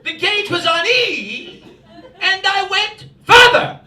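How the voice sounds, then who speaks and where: Comedian doing a scolding older English mother, high and brassy, roomy club sound. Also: big pitch swings, slow pace, exaggerated voice. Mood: scornful. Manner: demeaning, scolding, shouty. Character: brash angry English mother, older woman. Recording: roomy club, mic far, crowd laughter.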